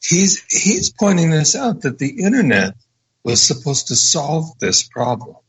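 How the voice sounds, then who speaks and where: A man's voice: fairly high pitch, huge pitch swings, measured pace. A man talking on a radio show, rambling off on tangents. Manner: rambling, digressive. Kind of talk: conversational radio talk. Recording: dull lo-fi sound.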